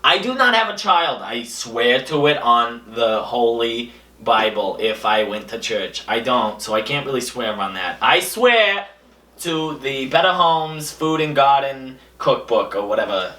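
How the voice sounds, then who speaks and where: A young man hosting a comedy show, delivering a deadpan monologue full of absurd boasts, his voice jumping between high and low. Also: a little slow. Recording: echoey room, a bit far from the mic.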